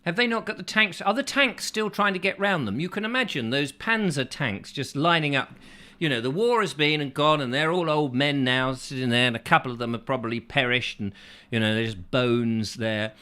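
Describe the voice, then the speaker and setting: A man's voice: medium pitch, moderate pace, bright, forceful tone. A man hosting a chatty live show, reading out viewer comments with playful, rambling asides. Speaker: host.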